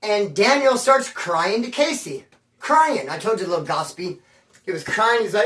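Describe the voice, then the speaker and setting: A man's voice: sits high, lively intonation, unhurried, fairly bright tone, recorded from a distance. Casting note: man telling stories at home, slangy and rambling, roomy sound with the mic set back. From Bakersfield area. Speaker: storyteller on his own channel. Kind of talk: casual storytelling. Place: room at home.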